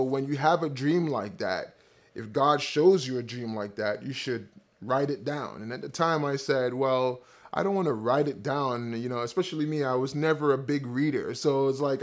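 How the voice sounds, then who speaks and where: In casual storytelling to camera, a company founder in his thirties eagerly rambles through a personal story for his viewers. His voice is mid-range with a darkish tone.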